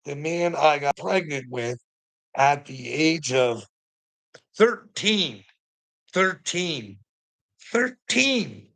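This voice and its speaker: A man's voice: a little high, animated, takes it slowly, vocal fry, no echo, poor audio. A man in an angry, profane commentary rant, firing off rhetorical questions and mocking taunts. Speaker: vlogger.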